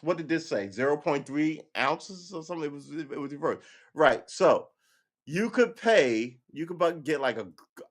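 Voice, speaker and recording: A man's voice: medium pitch, a bit bright. A man hosting a casual live stream, commenting on the news in a rambling, profane, joking way and often stopping to correct himself. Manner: rambling, profane and joking, addresses viewers as boys and girls; thinks aloud, often restarts and self-corrects.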